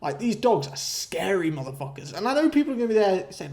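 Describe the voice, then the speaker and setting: Animated young man ranting. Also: a little fast, hardly any pauses. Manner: animated, swearing, laughs mid-story, voice jumps high when outraged. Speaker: vlogger. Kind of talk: casual ranting storytelling.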